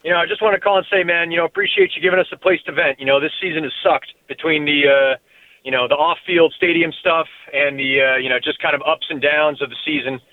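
A man's voice: fairly high pitch, steady tone, fast talker, slight background noise. A man calling in to a sports radio show, casual and laid-back, with lots of "you know" and "man.". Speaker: caller. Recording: tinny phone line.

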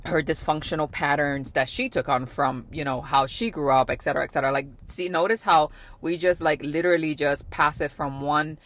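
A woman's voice: sits low, fairly even intonation, a little fast, few pauses, fairly bright tone. A woman in her thirties hosting a podcast, talking about parenting in a casual, reflective way, earnest, with many fillers and repeats. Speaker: podcast host.

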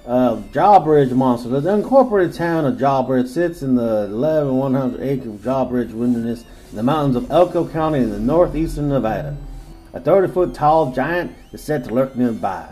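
A man's voice: mid-range voice, expressive, moderate pace, dark tone, poor audio. A man co-hosting a casual podcast, reading monster legends aloud in a crude, joking way and laughing often. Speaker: podcast co-host.

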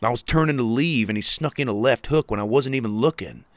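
A man's voice: mid-range voice, a little fast, no room sound, close to an everyday voice. A man voicing a timid young boy who is hurt and defensive. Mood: aggrieved. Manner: defensive, pleading.

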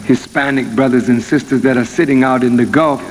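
A male minister preaching a sermon, his voice building to high, emphatic peaks. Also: fairly even intonation, fairly quick. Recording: archive sermon in reverberant hall, faint noise.

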